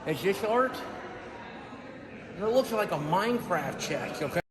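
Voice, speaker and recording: Man putting on a high goofy fat guy voice, dopey and oblivious, noisy outdoor recording. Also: measured pace. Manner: dopey put-on voice, goofy deadpan jokes. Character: loud dim-witted fat man, brash and oblivious. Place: outdoors at a museum.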